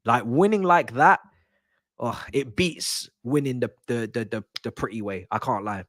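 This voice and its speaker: A young man riffs through a football watch-along in slangy, laughing banter. He sits close to the mic in a dry, dead-sounding room, his voice pitched at an ordinary middle height, and he breaks into loud yelps whenever a chance goes close. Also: moderate pace, no room sound. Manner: laughing, nostalgic banter with slang, loud bursts at near-misses.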